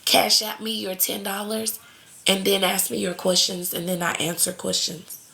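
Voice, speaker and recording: A woman in hosts a live tarot reading, chatting warmly with her viewers. Her voice at middle pitch carries a gravelly fry. She calls everyone cousin and baby. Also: level tone, moderate pace. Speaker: tarot reader on a live stream. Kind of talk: casual live-stream chat.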